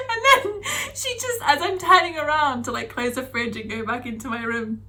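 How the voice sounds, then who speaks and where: A woman's voice: sits high, fairly quick. A young woman from the UK telling stories from her year abroad in a chatty vlog style, full of fillers. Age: young adult. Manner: chatty, animated, lots of fillers. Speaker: vlogger. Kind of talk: casual storytelling.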